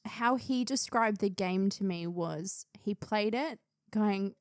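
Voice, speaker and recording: A woman in her twenties co-hosting a podcast, chatting casually, animated, swearing often and laughing a lot. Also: medium pitch, slow pace, dry recording, studio quality. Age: 20s. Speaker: podcast co-host. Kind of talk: casual chat.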